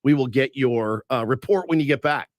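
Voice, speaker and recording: A man's voice: mid-range voice, moderate pace, no echo, clean studio sound. A man co-hosting a sports radio show, easygoing and casual. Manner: easygoing, says "man" and "dude" a lot. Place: radio studio.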